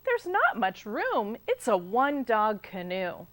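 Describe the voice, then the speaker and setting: A woman's voice: a little high, wildly swooping pitch, takes it slowly, a bit bright, exaggerated voice. A woman voicing the canoe's young owner in a picture book, patiently counting off the animals in a sing-song list. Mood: exasperated. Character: firm young canoe paddler, patient but fed up.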